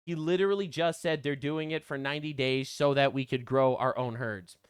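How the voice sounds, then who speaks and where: A man giving sarcastic, mocking reaction commentary, swearing and swinging between loud outbursts and low asides. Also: steady tone, a little fast, smooth, no room sound, studio quality.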